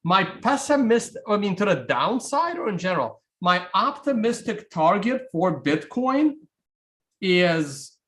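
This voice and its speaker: A man's voice: high voice, big pitch swings, measured pace, a bit bright. A man from Russia hosting a livestream, answering viewer questions in a wry, offhand way and thinking aloud. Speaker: livestream host.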